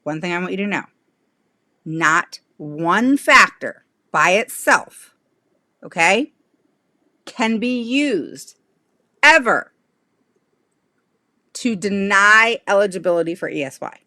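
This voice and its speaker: A woman's voice: medium pitch, lively intonation, takes it slowly, long pauses, pushed and bright, no echo. A middle-aged woman teaching parents in a live-stream lesson, emphatic and direct, checking in with frequent "okay?" and speaking frankly. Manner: frank and blunt. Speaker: special education advocate host.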